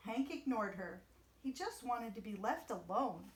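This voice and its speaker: A woman storyteller reading a children's picture book aloud with an expressive, animated delivery. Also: on the high side, a little slow, reverberant, far from the mic.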